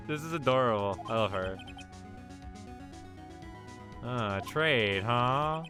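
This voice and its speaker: A man streaming a video game playthrough, chatting casually, swearing and reacting loudly. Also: mid-range voice, measured pace, long pauses, faint music behind. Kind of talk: live game playthrough commentary.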